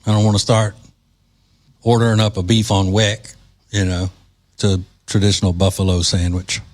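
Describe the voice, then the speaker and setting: A man's voice: fairly low pitch, level tone, normal speed. Male talk radio host. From Louisiana. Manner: joking, wry, sarcastic asides. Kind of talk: casual talk radio monologue.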